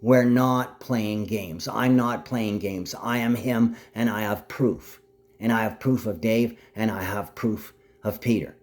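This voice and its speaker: A man delivering a rambling monologue to camera, full of restarts, swinging from low grumbling to sudden high outbursts. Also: fairly even intonation, measured pace. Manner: frequent restarts and half-finished sentences. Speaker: vlogger.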